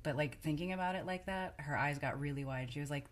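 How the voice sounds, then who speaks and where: Very low-pitched woman chatting casually. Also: fast, hardly any pauses, a bit bright. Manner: conversational, tells client stories. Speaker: parenting co-host. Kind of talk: casual chat.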